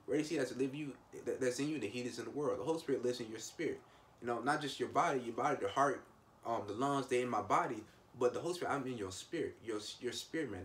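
Fast-talking man giving a casual sermon. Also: medium pitch, a little hiss or hum. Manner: repetitive, restarts often, emphatic asides. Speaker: preacher. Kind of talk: informal devotional sermon.

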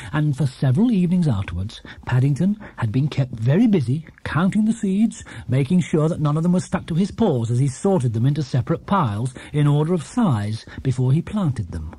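A man reading a children's book aloud as narrator, telling the story in a lively way. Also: on the high side, husky, no echo. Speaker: audiobook narrator.

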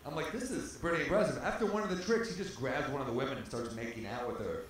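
A male comedian telling a stand-up story on stage in a club, animated and laughing through his own lines. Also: medium pitch, quick pace. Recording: echoey comedy club with faint noise.

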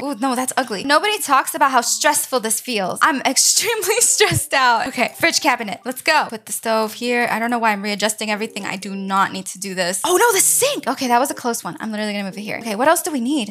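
A woman's voice: a little high, a bit bright. A young woman giving casual, chatty commentary over a timed building game, flustered and self-deprecating as she hurries. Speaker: gaming creator.

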